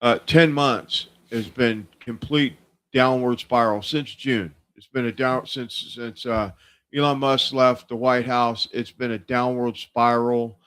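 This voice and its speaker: A man's voice: medium pitch, fairly even intonation, slow, fairly bright tone, clear, resonant tone. A man hosting a casual political livestream, rambling with lots of fillers and restarts. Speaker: livestream show host. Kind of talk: casual political talk show.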